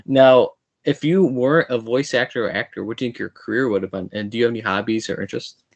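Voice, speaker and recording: A man's voice: medium pitch, quick pace, vocal fry, no room sound. A man hosting a podcast, chatting casually with a guest and laughing often. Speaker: podcast host. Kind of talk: casual interview chat.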